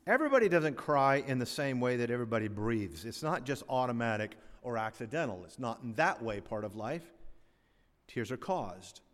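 An older man preaching a sermon as pastor, rising loud on key phrases and falling to a hush, with folksy humorous asides. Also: mid-range voice. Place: church sanctuary. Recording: long reverb of a large hall.

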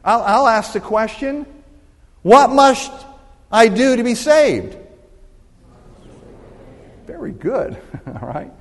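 A man's voice: high voice, very animated, slow pace, long pauses. Older man preaching in an echoing church. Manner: storytelling, call-and-response with the congregation. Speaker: pastor. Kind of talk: sermon. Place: church sanctuary. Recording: long hall reverb.

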